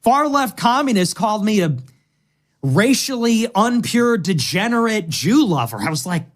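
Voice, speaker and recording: A man's voice: high-pitched, big pitch swings, unhurried. A man in a played clip of online political commentary, speaking in a sarcastic, mocking way.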